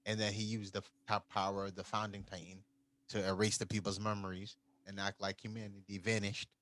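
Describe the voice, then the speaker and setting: A man's voice: fairly low pitch, little pitch movement, a little fast, fairly bright tone, no echo, poor audio. A man co-hosting a podcast, casually recapping an anime plot and acting out the characters' lines. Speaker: podcast co-host.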